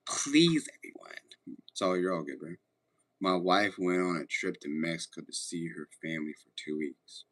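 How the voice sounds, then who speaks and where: A man's voice: deep voice, expressive, a little slow, long pauses, a bit bright. A man streaming casually, chatting with viewers and joking around in a laid-back way. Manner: laid-back, joking, reads chat aloud. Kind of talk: casual livestream chat.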